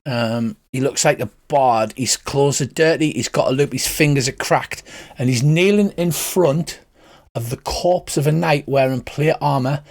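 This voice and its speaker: Man running a tabletop game. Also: medium pitch. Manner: measured, descriptive, frequent "right" and "uh". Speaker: game master.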